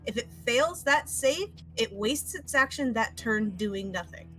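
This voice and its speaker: A woman plays a tabletop role-playing game in a casual, playful way. Her voice sits a little high and swings widely in pitch. She talks slowly, with quiet fantasy music in the background. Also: lively intonation, rough recording. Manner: playful, explains rules. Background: faint fantasy background music.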